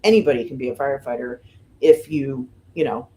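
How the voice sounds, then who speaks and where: A middle-aged woman from the United States, a fire lieutenant, telling stories casually in an interview, with lots of "you know" and "um" and lively voices for the people she quotes. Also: a bass voice, fairly quick, a little hiss or hum. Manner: chatty, fills with "you know" and "um", animated retelling of quotes. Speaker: firefighter lieutenant and guest.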